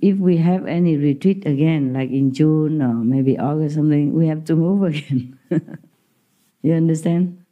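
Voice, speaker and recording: Speaking at a normal pace, this woman has a low, warm voice. As a spiritual teacher she tells stories in a casual way, with frequent laughter and English grammar that is not native.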